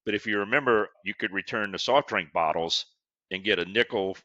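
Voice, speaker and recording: A man's voice: on the low side, a little fast, pushed and bright, dry recording, highs cut off. A man, hosting a podcast and telling stories between laughs. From Westbank of New Orleans. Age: 60s. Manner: storytelling, laughs often. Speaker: podcast host. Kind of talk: casual interview chat.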